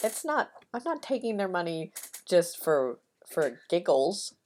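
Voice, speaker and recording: A woman co-hosting a comedy podcast, a barista who chats casually with self-deprecating, deadpan asides. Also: on the low side, unhurried, slight background noise.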